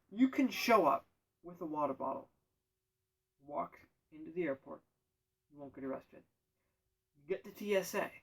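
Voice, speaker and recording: A man telling a rambling comic story in a deadpan way, often correcting himself and adding absurd asides. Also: fairly high pitch, distant mic, poor audio.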